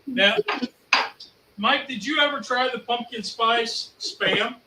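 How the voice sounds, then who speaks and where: A man's voice: extremely high pitch, slow, background noise. A man co-hosting a casual cooking stream, making easygoing remarks from a distance in an echoey room. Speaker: co-host cook. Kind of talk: casual live cooking chat.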